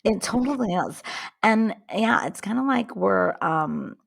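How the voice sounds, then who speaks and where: A woman's voice: medium pitch, lively intonation, a little slow, creaky, slightly rough. A woman co-hosting a podcast, chatting playfully and joking with her sister. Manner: playful, jokey banter. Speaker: podcast co-host. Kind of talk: casual chat.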